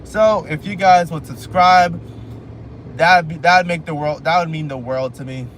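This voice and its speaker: A man's voice: fairly high pitch, measured pace, fairly bright tone. Rambling man streaming from his car. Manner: rambling, self-joking, repeats phrases. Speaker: live streamer. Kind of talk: casual live stream chat while driving. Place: inside a car on a highway. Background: faint road and car noise.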